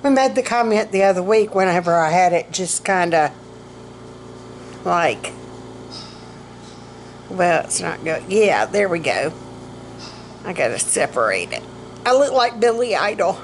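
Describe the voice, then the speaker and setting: Lady vlogging at home, slow and rambly, a bit out of breath, faint hum behind. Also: medium pitch, rough recording. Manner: rambling, self-mocking, laughs often. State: short of breath. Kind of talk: casual health vlog.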